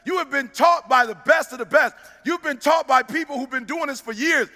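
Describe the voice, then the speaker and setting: A motivational speaker with a very high, sharp voice preaches his message fairly quickly, hammering points home, shouting some lines and drawing others out in a sing-song cadence. Soft background music plays, and his voice rings with the long reverb of a big hall.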